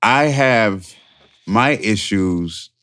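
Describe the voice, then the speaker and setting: Low-voiced man, reflective podcast co-host. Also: expressive, very slow, fairly bright tone. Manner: supportive listener, reflective and hesitant. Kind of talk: candid personal talk.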